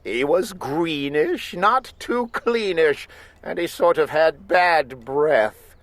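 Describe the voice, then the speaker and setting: A storyteller reading a rhyming picture book aloud with expressive delivery. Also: medium pitch, slow pace, dry recording.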